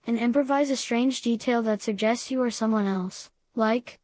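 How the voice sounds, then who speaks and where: A woman reading scripted comedy narration, giving absurd advice in a calm, matter-of-fact way. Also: a little high, normal speed, hardly any pauses, dry recording.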